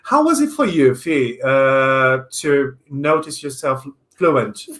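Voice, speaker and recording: A man's voice: medium pitch, expressive, slow, fairly bright tone. Male host on a video call. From Brazil. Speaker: host, English teacher. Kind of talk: hosting a live online talk.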